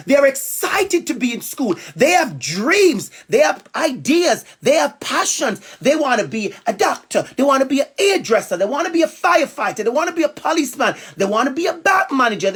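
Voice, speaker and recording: A woman speaking emphatically to students, building long repeated lists and slowing down to read aloud. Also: high-pitched. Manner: emphatic, repetitive listing, slows for reading aloud. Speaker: guest speaker reading to students. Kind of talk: expressive talk and read-aloud. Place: school event.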